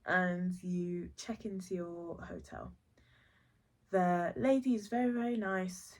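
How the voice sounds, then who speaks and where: A young woman hosting a podcast improvises a story told in the second person, speaking a little slowly in a lowish, somewhat dark voice. She's chatty and rambling, correcting herself with casual asides.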